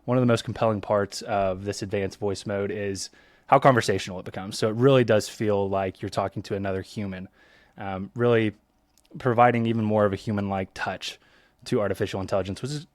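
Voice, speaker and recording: A man's voice: on the low side, no room sound, studio quality. A man from Eastern Kentucky hosting a podcast, talking casually with lots of ums. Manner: relaxed, many ums and restarts. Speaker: podcast host.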